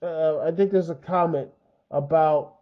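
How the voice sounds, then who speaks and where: Male video host, slightly high voice, rambling, heated, lo-fi recording. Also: fairly even intonation, a little slow. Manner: rambling, many fillers and restarts; frustrated, heated. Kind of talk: unscripted opinion commentary. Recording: dull lo-fi mic.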